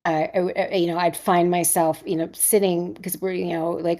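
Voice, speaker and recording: A middle-aged woman, an actress interviewed as a guest, telling a candid story in an animated, conversational way with frequent restarts. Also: fairly low pitch, a little fast, few pauses. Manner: animated, acts out others' lines in voices, frequent restarts.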